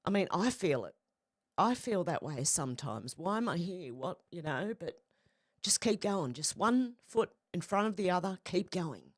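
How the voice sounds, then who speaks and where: A woman's voice: lowish voice, sing-song, moderate pace, no echo, studio quality. A woman hosting a casual live stream, greeting viewers and talking with feeling. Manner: emotional, breaks into soft singing.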